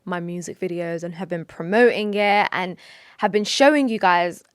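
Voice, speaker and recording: A woman's voice: fairly low pitch, normal speed, clean tone, dry recording. Earnest young woman, dry close sound. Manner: earnest and emotional, with sighs and restarts; mixes in Arabic religious phrases. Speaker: vlogger. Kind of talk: personal confessional talk to camera.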